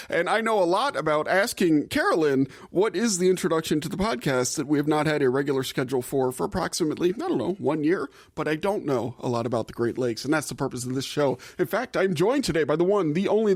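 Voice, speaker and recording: A man hosts a casual podcast in a jokey, self-deprecating way, his speech emphatic and swinging widely in pitch. His voice sits a little high for a man. The recording is dry and close, with faint music underneath. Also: no echo. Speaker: podcast host.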